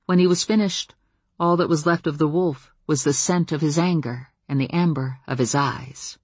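A woman reads a first-person novel aloud with a measured, dramatic delivery. Her voice has a husky edge. It sits close and dry on a studio mic. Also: deep voice, no room sound. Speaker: audiobook narrator. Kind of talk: first-person fiction narration.

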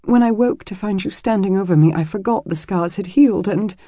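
A man voicing a shy young woman warrior who speaks in a hushed, tremulous voice. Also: high voice, fairly quick, dry recording, studio quality, pitched above the performer's own voice. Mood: tearful hushed.

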